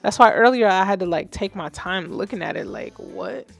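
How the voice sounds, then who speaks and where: Blunt, animated woman host reviewing music. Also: mid-range voice, normal speed, vocal fry. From Haitian. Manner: blunt, animated, swears freely. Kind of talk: casual livestream commentary.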